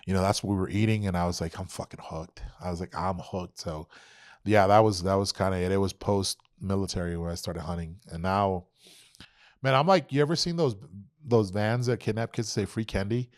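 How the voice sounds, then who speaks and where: A young adult man, a podcast guest, telling an animated, profane story and acting out quoted dialogue. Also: low voice, fairly quick, dry recording, clean studio sound. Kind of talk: casual storytelling.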